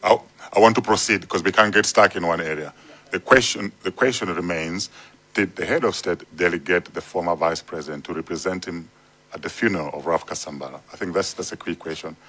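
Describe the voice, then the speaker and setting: Deep, forceful committee chair. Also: male voice, a little fast. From Malawi. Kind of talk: chairing a parliamentary hearing.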